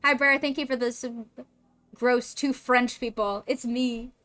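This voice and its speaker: A woman's voice: fairly high pitch, fairly even intonation, a little slow, pushed and bright. A woman streaming a game, chatting casually and goofily with her viewers, swearing and joking. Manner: goofy, swears, riffs with chat. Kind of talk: casual gameplay chat.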